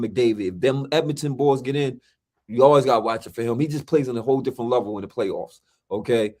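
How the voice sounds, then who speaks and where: Brief: male podcast co-host, slangy and emphatic, keeps repeating himself, average pitch. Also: darkish tone. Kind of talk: casual sports and movie chat.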